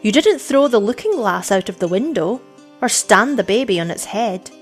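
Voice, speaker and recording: A woman's voice: mid-range voice, lively intonation, soft background music, close to an everyday voice. A woman doing a scornful village girl. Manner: scornful, superior, measured.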